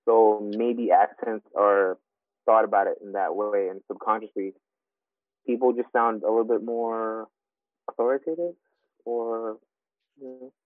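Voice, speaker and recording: A man's voice: on the low side, fairly even intonation, unhurried, pauses often, dry recording. Tinny-sounding man in rambling chat. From New York. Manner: loose, rambling, many "like" fillers. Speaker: podcast co-host. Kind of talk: casual chat.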